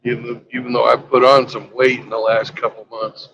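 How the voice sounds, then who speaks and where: A man's voice: medium pitch, little pitch movement, normal speed, vocal fry, fairly bright tone, muffled recording. A man chatting casually while travelling by road, rambling through a crude joke in a mid-range voice. A faint hiss sits underneath him. His delivery is loose and unpolished. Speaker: vlogger. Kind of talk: casual chat and joke telling on a road trip.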